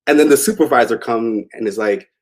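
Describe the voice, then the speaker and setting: A man's voice: medium pitch, brisk. Man telling a rambling story. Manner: rambling, conversational, many fillers. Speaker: interview guest. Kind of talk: casual storytelling.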